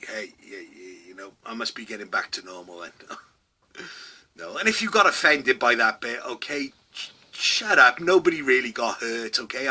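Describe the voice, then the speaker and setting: A middle-aged man hosting a comedy vlog, ranting loudly, swearing a lot and tagging his lines with "okay?". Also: medium pitch. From Wales. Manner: loud, sweary, rambling, with constant "okay?" asides. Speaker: vlog host. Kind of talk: satirical comedy rant.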